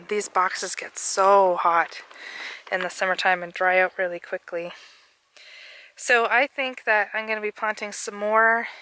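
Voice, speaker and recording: Bright-voiced woman vlogging outdoors. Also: mid-range voice, poor audio. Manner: rambling, jokey, laughs often. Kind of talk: casual chatty garden walkthrough. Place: outdoor backyard garden in winter.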